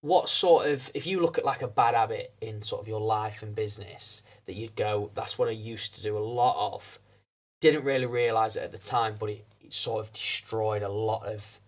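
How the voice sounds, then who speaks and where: A man's voice: fairly low pitch, moderate pace. A man hosting a casual interview podcast, asking long, rambling questions and affirming constantly. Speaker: podcast host.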